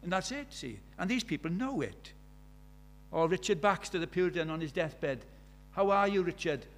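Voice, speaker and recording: A man's voice: fairly high pitch, big pitch swings, moderate pace, slight background noise. An older man, preaching a sermon in a conversational way, full of rhetorical questions.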